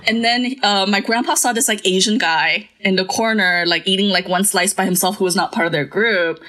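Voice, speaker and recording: A woman in casual chat, telling a long family story in an animated way, laughing now and then. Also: mid-range voice, brisk.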